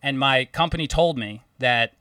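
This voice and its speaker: A young man telling a story in casual chat, animated and swearing often, quoting himself and others. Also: mid-range voice, normal speed, clear, resonant tone, no echo, recorded from a distance. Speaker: home care therapist.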